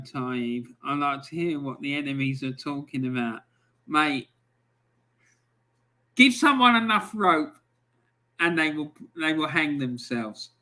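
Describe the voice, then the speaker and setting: A man's voice: on the high side, bright, forceful tone. A man hosting a football livestream who reads out viewer comments and tells long, blunt anecdotes with plenty of swearing. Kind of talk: casual livestream chat.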